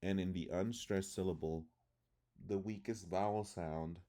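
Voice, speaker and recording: A man teaching English pronunciation, reading word lists deliberately one by one and explaining calmly. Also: sits low. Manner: deliberate, reads words one by one.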